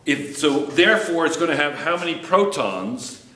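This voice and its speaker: A man's voice: on the high side, sing-song, normal speed, bright, forceful tone. A man teaching a chemistry class, lecturing and teasing his students with jokes. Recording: echoey classroom with faint background noise.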